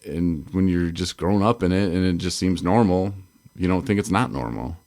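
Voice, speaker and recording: A Michigan man co-hosting a recovery podcast speaks low, at normal speed, with vocal fry and a darkish tone. His casual chat rambles, with frequent laughs, self-interruptions, and restarts.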